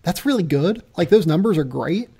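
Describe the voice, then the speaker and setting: A man's voice: on the high side, animated, fairly quick, creaky, dark tone, husky. A man hosting a podcast, chatting casually and loosely about basketball draft prospects, laughing at himself. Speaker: podcast host.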